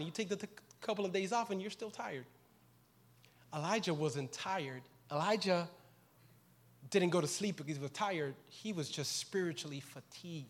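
A man preaching a sermon with passion, his voice swinging from quiet, reflective stretches to loud, pleading questions. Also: high-pitched, normal speed. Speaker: pastor.

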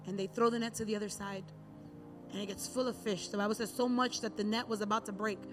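A woman preaching a sermon, retelling a Bible story in a relaxed, conversational way. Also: medium pitch, quick pace, over music.

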